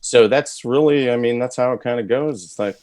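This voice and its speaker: A man's voice: medium pitch, fairly quick, a little mellow, dry recording. A man, a voice actor, chatting candidly and with self-deprecating humor as an interview guest. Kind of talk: casual interview chat.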